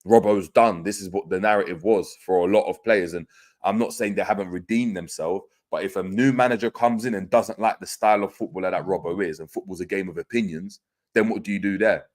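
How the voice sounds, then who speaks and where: Brief: man, low voice, casual stream host reading viewer comments, loose and chatty with restarts. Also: a little fast, darkish tone. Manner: conversational, many fillers and restarts, reads out comments. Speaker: football podcast host.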